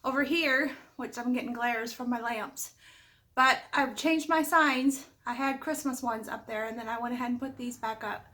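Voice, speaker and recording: A middle-aged woman hosts a casual home decor vlog from her living room, her voice a little high and bright, forceful, with fairly even intonation at a moderate pace. She's chatty and homey, full of small asides, and slightly under the weather with an occasional cough. A nearby camera picks her up and gets moved around as she talks.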